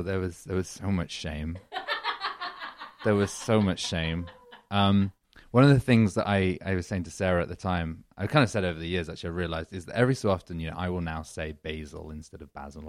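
A man's voice: low voice, no echo. A man with an English accent, a comedy duo member chatting in a podcast interview, rambling and self-deprecating with frequent laughs. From England.

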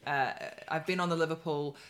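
A woman's voice: deep voice, steady tone, a little fast, a bit bright. A woman in her thirties from New Zealand with a New Zealand accent, chatting casually, self-deprecating, laughing often and restarting her sentences. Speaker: comedian and guest host. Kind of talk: casual chat.

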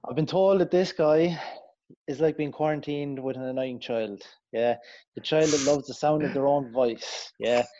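A man's voice: mid-range voice, normal speed, dark tone, highs cut off. A man hosting a casual podcast, introducing his co-hosts with teasing jokes. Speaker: podcast host.

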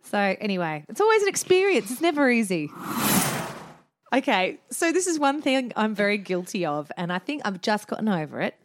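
Animated mum telling stories. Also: female voice, mid-range voice, a little fast, slight background noise. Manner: animated storytelling, acts out her daughter and herself. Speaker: podcast co-host. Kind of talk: casual chat.

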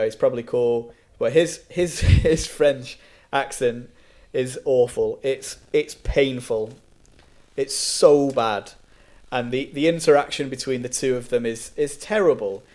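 A man with a medium-pitched, slightly mellow voice co-hosts a podcast, casually reviewing a film. He's opinionated and into history, and often repeats words as he restarts.

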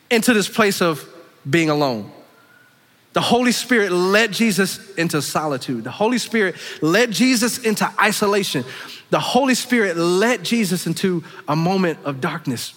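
High, bright-voiced preacher in an echoing hall. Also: male voice. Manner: impassioned, swinging between loud high preaching and hushed low asides. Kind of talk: sermon. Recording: long echoing reverb of a big hall.

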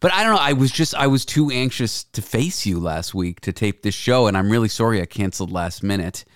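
A man hosting a casual talk show, with a slightly raspy morning voice, talking candidly and swearing freely. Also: on the low side, expressive, a little fast, dry recording, studio quality. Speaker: host. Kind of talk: casual podcast chat. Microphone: studio mic with headphones.

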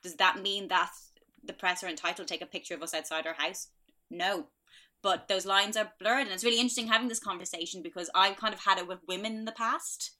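A woman's voice: medium pitch, steady tone, fast, pushed and bright. A woman guest on a podcast, talking candidly and thoughtfully. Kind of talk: reflective casual chat.

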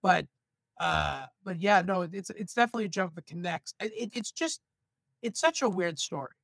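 A male stand-up comedian from Los Angeles, telling stories with animated asides in a casual podcast chat. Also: high voice, moderate pace, gravelly, dry recording. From San Fernando Valley, Los Angeles.

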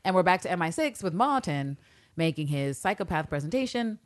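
A woman co-hosting a podcast, chatting casually about a TV episode, animated and profane, acting out the characters' lines as she goes. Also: fairly low pitch, fairly quick. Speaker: podcast co-host. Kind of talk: casual TV recap chat.

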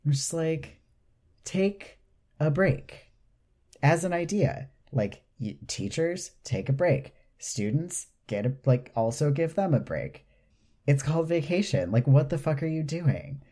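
A podcast co-host talking slowly and unhurriedly in a mellow, dark tone. The talk is casual chat that turns into sarcastic, indignant rants. The pitch sits in a middle register. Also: big pitch swings.

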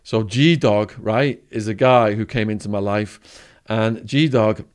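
A man's voice: on the low side, fairly even intonation, slow, clean tone. A man with an English accent, a podcast guest telling a vivid story and acting out the voices of the people in it. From England. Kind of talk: storytelling interview.

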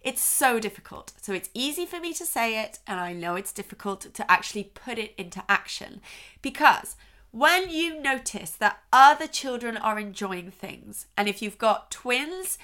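Bright and forceful in tone, with a medium-pitched voice, a middle-aged parenting expert addresses the listener directly. She offers sincere, comforting guidance to camera and frequently asks "okay?".

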